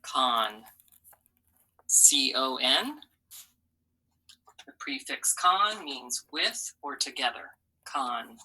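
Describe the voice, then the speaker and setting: A woman's voice: a bass voice, animated, very slow, long pauses, sharp tone, a little hiss or hum, low-quality recording. A woman teaching a phonics lesson to children, patiently sounding out letters and syllables and encouraging them.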